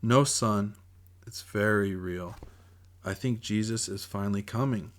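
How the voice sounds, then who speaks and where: A man voicing a calm, devout mother who soothes her son in a preachy way, in a self-read audiobook. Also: on the low side, a little slow, lightly acted. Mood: soothing. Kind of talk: audiobook character voice.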